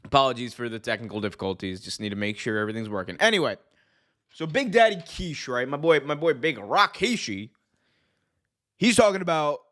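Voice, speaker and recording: Young male wrestling host, animated casual rant, lots of restarts, mid-pitched voice. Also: brisk. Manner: animated, repeats himself, frequent restarts and fillers. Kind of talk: casual opinion rant to live viewers.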